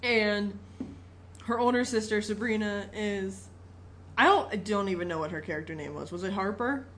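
A woman co-hosting a casual podcast, caught mid-recap of a movie. She tells it with lots of laughter and loose profanity. Her voice sits at an ordinary middle pitch, with faint ambient noise in the background. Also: normal speed. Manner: animated, laughing, swearing freely. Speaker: podcast co-host.

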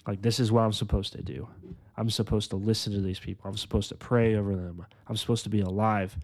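A man in his twenties telling his personal faith testimony on a podcast, earnest and full of "like"s, slowing down on the heavy parts. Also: fairly low pitch, flat delivery. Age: 20s. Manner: earnest, filler-heavy storytelling with many "like"s; slows down and softens on emotional points. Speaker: podcast host.

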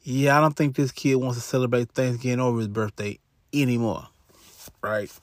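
A man's voice: mid-range voice, level tone, normal speed, no echo, studio quality. Slangy man telling a true crime story. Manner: casual, slangy, filler-heavy.

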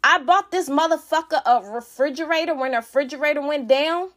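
A woman in her thirties with a high voice tells her side of a family fight, heated and cursing freely. She rambles and restarts her sentences as she talks things through. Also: a little fast, fairly bright tone. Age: 30s. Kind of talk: emotional storytime rant.

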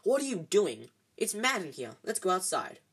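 Reader doing a mild wizard dad, plain firm talk, husky. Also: mid-range voice, big pitch swings, moderate pace, fairly bright tone, full character voice. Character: mild kindly father wizard, stung but dignified.

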